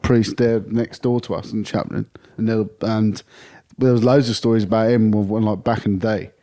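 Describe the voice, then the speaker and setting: Bloke co-hosting a podcast, rambly storyteller, casual chat. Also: male voice, fairly low pitch, steady tone, moderate pace, warm tone. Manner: rambling, anecdotal, banter. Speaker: podcast co-host.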